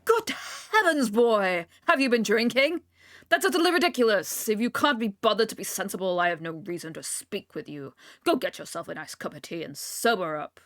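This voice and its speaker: A woman's voice: medium pitch, big pitch swings, moderate pace, a bit bright, no room sound. A woman voicing a pompous old male explorer with a put-on British accent, blustering and grandiose. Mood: scandalized. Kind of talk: stream read-along voice acting.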